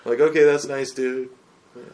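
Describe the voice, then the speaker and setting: A man's voice: mid-range voice, fairly even intonation, fairly quick, darkish tone. A man co-hosting a casual gaming podcast, telling stories in an easygoing way. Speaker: podcast co-host.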